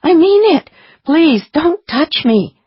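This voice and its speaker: A woman voicing a guarded young woman psychic who speaks quietly and earnestly. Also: medium pitch, unhurried, no echo, muffled recording, natural voice. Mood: panicked.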